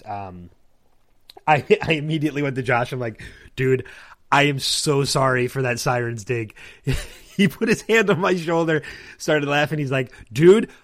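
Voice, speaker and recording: A man chatting casually on his podcast, spinning a long anecdote. He slips into other people's voices as he goes, and his pitch sits in the middle. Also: moderate pace. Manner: animated anecdote-telling, acting out others' lines. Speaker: podcast host. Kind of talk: casual storytelling chat.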